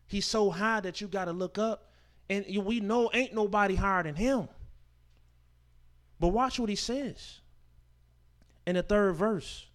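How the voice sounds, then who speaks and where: This sermon comes from a Sabbath scripture class teacher with a high voice who reads out verses and then explains them. Forceful pronouncements give way to quiet asides, and he draws out key words, talks informally, and poses rhetorical questions.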